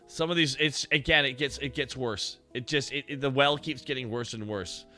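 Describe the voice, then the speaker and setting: A man hosting a stream, casual and excitable, swearing a lot and laughing often. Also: mid-range voice, moderate pace, soft background music. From Canada. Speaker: streamer host.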